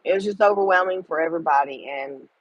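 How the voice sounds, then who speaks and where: A woman's voice: sits low, fast, lo-fi sound. A middle-aged woman, talking to viewers in a casual livestream chat, tender and emotional. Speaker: livestream host.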